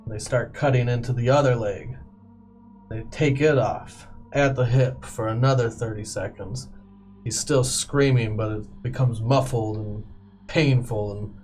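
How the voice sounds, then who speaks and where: A man serving as game master in a tabletop game, narrating violent scenes in slow, graphic detail. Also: medium pitch, a little mellow.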